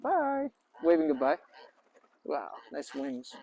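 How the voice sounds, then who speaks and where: A man's voice: expressive, normal speed, darkish tone, poor audio. Chatty man talking to birds outdoors. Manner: chatty and playful, often talks to the birds in a high voice. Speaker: vlogger and English teacher host. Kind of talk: casual outdoor vlog narration. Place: outdoors at a lakeside park. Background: geese and ducks honking faintly.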